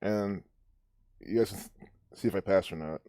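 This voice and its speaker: A man's voice: low voice, normal speed, dark tone, no room sound, studio quality. A man hosting a live stream, ranting and rambling with many restarts as he comments. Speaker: livestream host.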